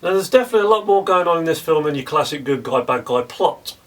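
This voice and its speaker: A man's voice: on the high side, expressive, fast talker, fairly bright tone, far from the mic. A man co-hosting a casual film review in a playful manner.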